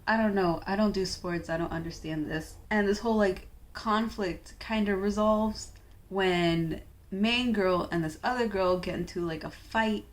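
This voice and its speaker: A young woman who reviews manga gives a casual rundown of one she just finished, her voice sitting in the mid range. She chats loosely, full of filler words, and tosses in wry offhand remarks along the way.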